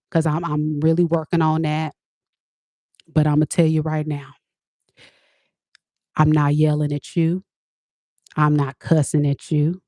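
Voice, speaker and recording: 40ish woman doing a tarot live stream, sassy and animated, lowish voice, dry sound. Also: no room sound. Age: 40s. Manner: candid, sassy, animated storytelling. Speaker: tarot reader and spiritual advisor. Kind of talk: live-stream chat answering viewers.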